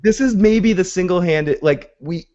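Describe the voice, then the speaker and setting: A man's voice: high voice, unhurried, warm tone. A man hosting a casual TV recap podcast who retells scenes by acting out the characters' lines. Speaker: podcast host. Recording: dull lo-fi podcast audio.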